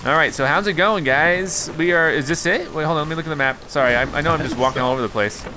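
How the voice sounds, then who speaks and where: A man's voice: on the high side, quick pace, noisy background. An upbeat American man hosting a casual gaming session with friends, laughing often. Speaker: host.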